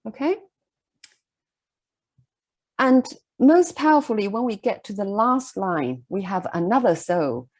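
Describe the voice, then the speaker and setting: Slow, animated woman lecturing on poetry. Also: medium pitch. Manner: measured, explanatory, checks in with "okay?". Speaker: literature lecturer. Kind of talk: recorded lecture close-reading a poem.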